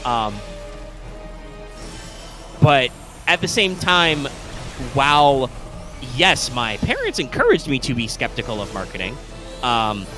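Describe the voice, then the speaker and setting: A man's voice: mid-range voice, bright, forceful tone. A young man co-hosting a live stream, chatting casually in a rambling, self-interrupting way with frequent swearing. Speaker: co-host of a live stream show.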